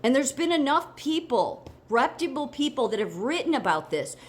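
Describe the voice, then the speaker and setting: A woman's voice: high voice, very animated, moderate pace. Heated, indignant American woman ranting. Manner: heated, indignant, rambling with restarts. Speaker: political commentary vlogger. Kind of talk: casual opinion monologue.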